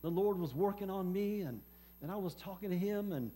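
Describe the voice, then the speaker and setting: A man preaching a personal testimony sermon, speaking haltingly with many fillers and repeated words. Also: high-pitched, warm tone. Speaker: preacher and former hospice chaplain.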